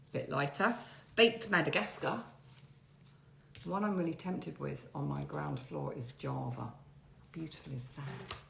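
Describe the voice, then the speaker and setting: A woman's voice: lowish voice, gravelly. A woman hosting a casual live Q&A from home, reading out viewer questions and chatting through stories. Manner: chatty, reads out questions then rambles warmly into anecdotes. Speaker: interiors host answering viewer questions. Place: her home. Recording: echoey room, faint background noise.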